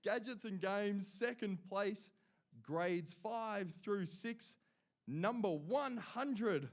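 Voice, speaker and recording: A young adult man with an Australian accent and a high, light voice reads out award places and winners to a live crowd. He is upbeat and playful, breaking in with quick jokes between names. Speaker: awards announcer.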